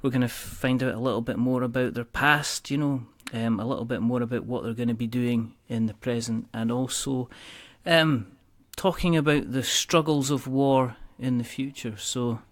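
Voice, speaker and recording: A man's voice: medium pitch, steady tone, moderate pace, few pauses. A man hosting a board game podcast, joking and rambling in casual chat. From Scotland. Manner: jokey, rambling, puts on silly voices. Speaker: podcast host.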